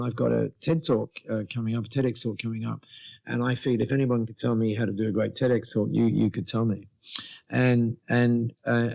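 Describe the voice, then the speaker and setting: Older male guest, seventies, gravelly storyteller, dull lo-fi recording. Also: medium pitch. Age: 70s. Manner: animated storyteller, lively quoting of others, many restarts. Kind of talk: storytelling in a podcast interview.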